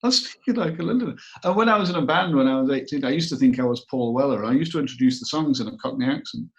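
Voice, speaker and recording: A man's voice: mid-range voice, very fast. A middle-aged man from northern England, chatting in an interview, rambling and self-deprecating and repeating his words. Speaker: actor guest. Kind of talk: casual interview chat. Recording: dull lo-fi recording.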